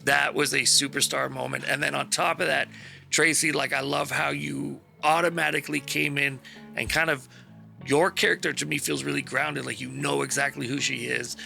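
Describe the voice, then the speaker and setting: A man's voice: mid-range voice, steady tone, moderate pace, vocal fry, pushed and bright, faint music behind. A man hosting a stream, chatting casually after a game session and praising his fellow players with rambling enthusiasm and casual swearing. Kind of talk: casual post-session chat.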